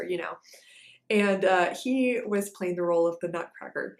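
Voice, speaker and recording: A young woman dancer telling a story in a casual, animated way, with lots of fillers. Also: on the low side, normal speed. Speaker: ballet dancer and vlogger. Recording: echoey room.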